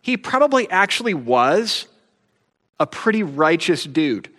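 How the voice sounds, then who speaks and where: A man's voice: on the high side, big pitch swings, unhurried, fairly bright tone, long reverb tail. A man preaching a sermon as pastor, in a conversational way with wry, joking asides.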